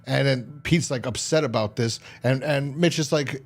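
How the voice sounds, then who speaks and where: A man's voice: medium pitch, moderate pace, hardly any pauses. A man giving a casual, rambling recap of a TV episode, full of fillers and restarts. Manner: rambling, filler-heavy retelling. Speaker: TV episode reviewer.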